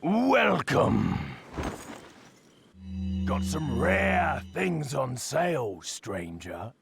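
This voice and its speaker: An actor playing a mysterious hooded weapons merchant in a video game, with a gravelly, drawn-out delivery. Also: male voice, on the high side, big pitch swings, music in the background, heavily acted. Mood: sly. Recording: game audio with background noise.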